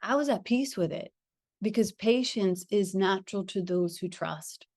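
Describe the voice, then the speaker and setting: A middle-aged woman telling a personal spiritual story. She talks in an earnest, reflective way with gentle pauses and frequent small laughs. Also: medium pitch, no room sound, studio quality. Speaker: spiritual teacher.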